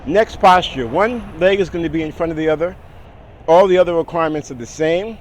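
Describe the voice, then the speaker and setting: A man teaching a casual singing lesson, talking through posture steps in a relaxed way and checking in with the listener. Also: on the high side, brisk. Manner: relaxed, talks through steps with "all right?" and "okay". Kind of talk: casual vocal lesson with exercises. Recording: outdoor traffic noise behind.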